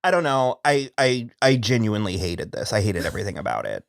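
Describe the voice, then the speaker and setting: A man's voice: fairly low pitch, lively intonation, fairly quick, vocal fry, dry recording, clean studio sound. A man co-hosting a casual TV recap podcast, frank and exasperated, often restarting his sentences. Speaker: podcast co-host.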